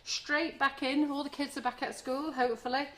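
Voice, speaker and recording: A middle-aged woman chats in a friendly way while demonstrating cake decorating during a live online class from her home kitchen. Her voice sits high and steady, bright and forceful, at a moderate pace, and she keeps talking as she works.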